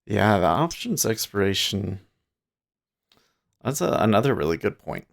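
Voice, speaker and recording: A man with a low, gravelly voice hosts a day trading livestream from his trading desk. He thinks out loud in a relaxed, drowsy way, rambling between market remarks. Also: unhurried. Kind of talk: casual live market commentary. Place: home trading desk with large screens.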